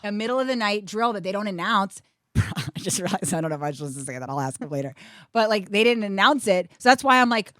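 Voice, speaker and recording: A middle-aged woman, a comedian guest, telling animated stories in casual chat, acting out quotes and swearing freely. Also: medium pitch, fast, no room sound, studio quality. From USA.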